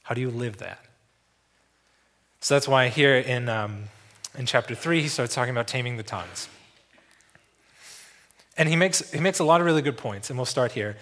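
A man's voice: mid-range voice, normal speed, long pauses, fairly bright tone. A man preaching a sermon in a church, casual and conversational, with many fillers and restarts. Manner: tells a story, acting out the voices of the people in it. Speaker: visiting preacher.

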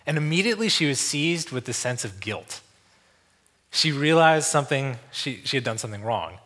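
A man's voice: medium pitch, big pitch swings, moderate pace, a bit bright. Casual, chatty man preaching a sermon. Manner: casual and conversational, with many fillers and restarts; tells a story, acting out the voices of the people in it. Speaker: visiting preacher.

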